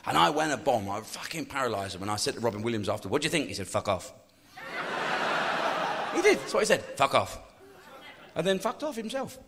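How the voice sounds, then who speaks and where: An older English man, a comedian, telling profane stories in a cynical, animated way. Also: mid-range voice, brisk, vocal fry, a crowd in the background. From England. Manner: swears constantly, animated and cynical. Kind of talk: profane anecdotal storytelling.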